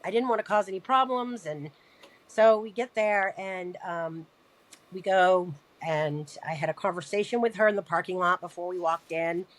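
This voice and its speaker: A woman recounting a personal family story in a podcast interview, halting and repeating words as she talks, earnest and emotional. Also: fairly low pitch, rough recording. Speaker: podcast guest.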